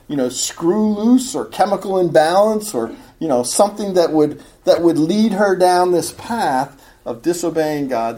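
A woman's voice: deep voice, dark tone. A woman teaching a Bible study in an earnest, explanatory way, reading from commentators.

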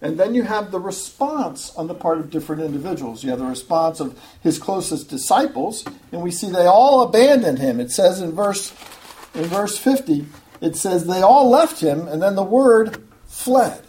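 A man's voice: sits high, very animated, moderate pace, darkish tone. A man pastor preaching a sermon in an earnest, conversational way, after reading scripture and praying.

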